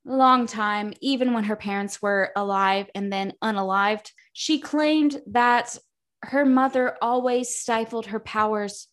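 A young adult woman co-hosting a casual book podcast, ranting and swearing as she recaps and reads quotes dramatically. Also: medium pitch. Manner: profane, ranting, dramatic read-aloud of quotes. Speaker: podcast co-host.

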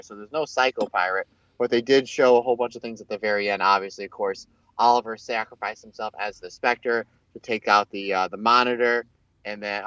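A man in casual chat, recapping a TV crossover in a rambling, animated way and acting out the characters' lines. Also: on the low side, clear, resonant tone, no echo. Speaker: podcast co-host. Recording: dull lo-fi, dry sound.

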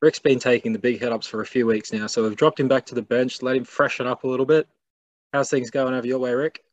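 A man with an Australian accent hosting a casual sports podcast, chatting in relaxed, matey banter. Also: medium pitch, fast talker, highs cut off. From Queensland. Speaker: podcast host.

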